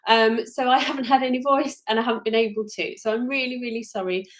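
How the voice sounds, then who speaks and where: A woman's voice: fairly high pitch, steady tone, fast. A woman with a British accent, a crochet designer hosting a casual live stream, talking in a rambling, chatty and apologetic way.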